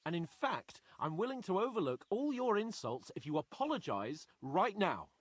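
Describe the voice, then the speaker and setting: A man's voice: high voice, very animated, moderate pace, no echo. An actor voicing a pompous, arrogant young nobleman in a video game, speaking in a haughty, demanding way. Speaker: game character.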